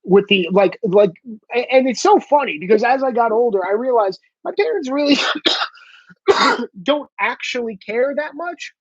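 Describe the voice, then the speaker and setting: A man's voice: very high-pitched, expressive, moderate pace, no room sound. Man alone in a room, heated profane rambling rant, muffled dry recording. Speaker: solo vlogger. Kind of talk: ranting monologue. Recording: dull lo-fi, dry.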